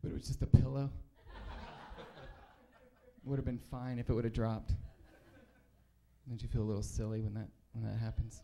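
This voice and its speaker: A man's voice: medium pitch, steady tone, normal speed, vocal fry, long pauses, dark tone. A man doing a rambling, self-deprecating stand-up comedy set on a comedy club stage, full of fillers and restarts.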